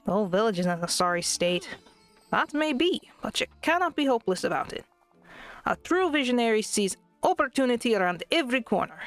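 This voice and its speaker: A woman's voice: fairly high pitch, big pitch swings, a little fast, no room sound, faint music behind. A woman voicing a miserly old male Scottish duck tycoon, reading game dialogue aloud in an attempted brogue. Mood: pompous.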